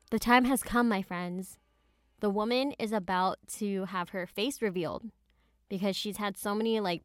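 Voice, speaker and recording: A woman's voice: medium pitch, clear, resonant tone, dry recording, clean studio sound. A young woman hosting a podcast, recording in her closet and retelling a story in a chatty, slangy way with lots of asides. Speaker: podcast host. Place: closet at home.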